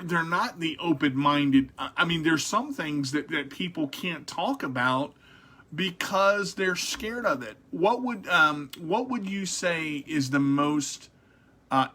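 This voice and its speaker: A man's voice: fairly high pitch, pushed and bright. A man hosting a casual radio interview, rambling with frequent restarts and repeated words. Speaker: radio show host.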